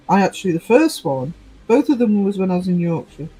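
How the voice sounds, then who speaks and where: A man's voice: sits high, very animated, fairly quick, mellow, husky, faint music behind, poor audio. A middle-aged man hosting a casual livestream, rambling chattily through stories and replies to his chat. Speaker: livestream host.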